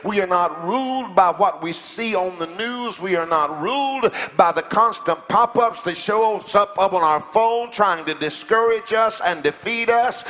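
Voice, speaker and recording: A male pastor preaching a fiery sermon, leading the congregation in call and response and building to shouts. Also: high voice, lively intonation, a little slow, few pauses, in a large hall, faint music behind. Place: church sanctuary.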